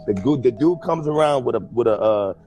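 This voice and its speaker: Animated man telling a story. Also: mid-range voice, brisk, dull audio, music in the background. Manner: animated storyteller, laughs often, mimics others. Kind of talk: casual storytelling chat.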